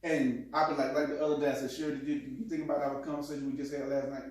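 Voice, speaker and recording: A man in casual chat with his partner, telling animated stories and acting out quotes with laughs. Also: mid-range voice, rapid-fire, few pauses. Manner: animated, laughing storyteller who acts out quotes. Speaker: co-host. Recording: echoey room, distant mic.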